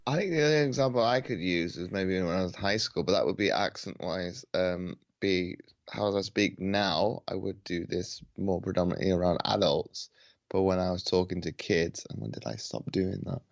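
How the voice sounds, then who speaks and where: Very low-voiced man, dull dry call audio. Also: vocal fry, no echo. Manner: laid back, halting with restarts. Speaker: podcast guest, paralympic athlete. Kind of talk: casual interview chat. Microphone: video call.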